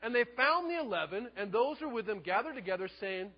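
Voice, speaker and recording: A man preaching a sermon, telling the story in a lively way and acting out the quotes. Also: sits high, fast, long reverb tail, lo-fi sound. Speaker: pastor.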